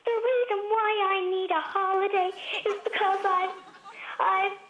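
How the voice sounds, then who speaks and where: A woman's archived childhood recording, a ten-year-old girl phoning in to a radio show with a very squeaky high voice. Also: steady tone, measured pace, fairly bright tone, dull audio, a little hiss or hum. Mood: excited. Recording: echoey archive radio clip with crowd.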